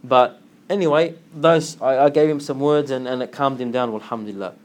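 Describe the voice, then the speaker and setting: A man giving an informal religious talk, telling a story with lively acted-out dialogue and frequent laughter. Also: mid-range voice, fairly quick. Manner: animated storytelling, acts out dialogue, laughs often. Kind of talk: informal religious lesson with anecdote.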